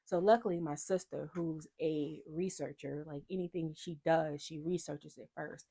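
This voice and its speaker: Gravelly low-voiced woman telling a story. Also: moderate pace. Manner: animated, acts out quoted people in dialogue. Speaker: vlogger. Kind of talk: casual personal storytelling.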